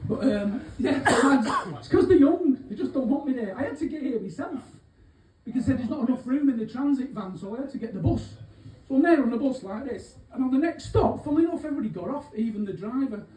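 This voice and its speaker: A man's voice: extremely high pitch, lively intonation, quick pace, darkish tone, slight background noise. A man playing a cheeky, rambling, aging small-time thief from Manchester, in a live stand-up character act. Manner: rambling, cheeky, swearing, lots of asides. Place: pub gig venue. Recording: echoey room, distant mic, faint hubbub.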